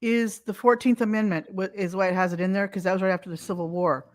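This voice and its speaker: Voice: mid-range voice, fairly even intonation, fast. A co-host on a casual stream who keeps chiming in. The voice offers short agreements and brief explanations.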